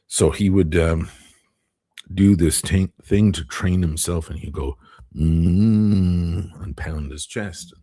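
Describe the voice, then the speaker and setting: Gravelly low-voiced man chatting on a stream. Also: a little mellow. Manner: chatty, reads viewer comments aloud. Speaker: live stream host. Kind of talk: casual live-stream chat.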